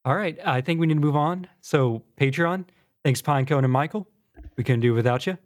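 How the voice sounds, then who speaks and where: A man's voice: a little high, fairly quick. Easygoing man hosting a podcast. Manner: easygoing storyteller, runs the segments. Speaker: podcast host. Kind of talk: casual chat.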